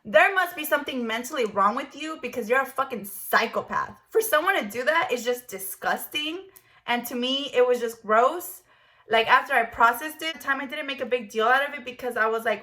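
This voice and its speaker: Young woman vlogger, kinda high bright voice, stutters, cusses a bunch. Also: moderate pace. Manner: stuttering, blunt, swears a lot. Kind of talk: storytime vlog.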